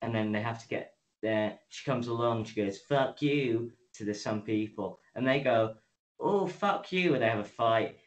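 A man's voice: lowish voice, fairly quick, hardly any pauses, poor audio. A man co-hosting a podcast, casually retelling a show's episode with acted-out quotes and frequent swearing. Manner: animated retelling, acts out quotes, swears freely. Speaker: podcast co-host. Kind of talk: casual episode review chat.

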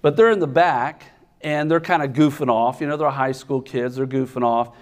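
A man preaching a sermon, telling a comic story with lively, animated delivery and sudden shouted outbursts. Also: medium pitch, normal speed. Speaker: pastor.

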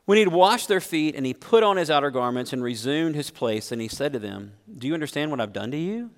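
A man's voice: fairly high pitch, expressive, brisk. A middle-aged man preaching a sermon as pastor, earnestly putting questions straight to his congregation. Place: church sanctuary. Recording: long reverb of a large hall.

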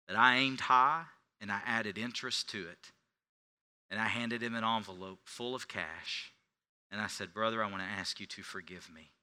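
A middle-aged male pastor preaching a sermon, telling a personal story, swinging from hushed confession to loud preaching. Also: medium pitch, smooth. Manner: confessional storytelling, dropping to near whispers then rising to shouts.

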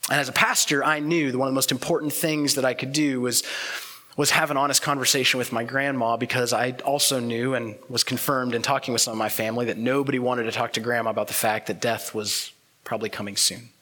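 Earnest and reflective, a man gives a sermon as pastor, pausing often while his words drift off softly. His voice holds a steady tone at medium pitch.

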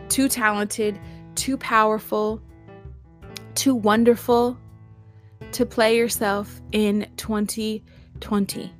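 A woman hosting a motivational podcast monologue. She talks emphatically and repeats herself, piling up words and laughing between lines. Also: a little high. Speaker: podcast host.

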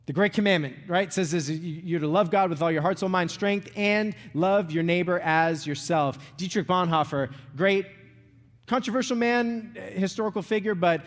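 A man's voice: high voice, moderate pace. Man, middle-aged, pastor, conversational sermon, restarts phrases, long hall echo. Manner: conversational, asks "right?" and "okay?" often; repeats words and restarts phrases. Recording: long reverb of a large hall.

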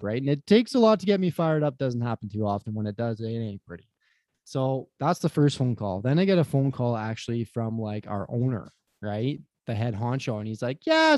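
A man as a podcast guest, swearing freely while he tells an animated story about his job. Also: medium pitch, dry recording. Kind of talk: casual podcast chat.

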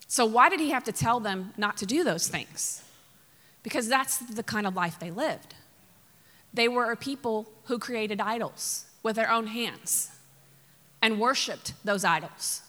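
A woman pastor giving a sermon, telling the story in a lively way with acted quotes and asides to the congregation. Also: medium pitch, long reverb tail.

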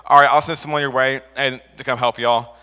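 A man's voice: medium pitch, level tone, brisk, pushed and bright, clear, resonant tone, big-room sound, lightly acted. A young man quoting a patient, polite hotel receptionist woman in his sermon story.

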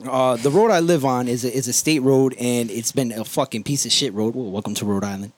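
A man hosting a podcast, telling stories in a profane, energetic, casual way. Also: mid-range voice, a little fast. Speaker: podcast host.

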